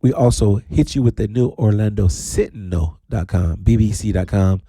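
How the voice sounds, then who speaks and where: Male DJ host, animated and playful, warm low timbre, stretches words into high calls. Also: breathy edge, no room sound, clean studio sound. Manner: animated, playful, swoops into high drawn-out shouts. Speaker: radio DJ host. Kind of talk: casual radio talk show. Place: radio studio.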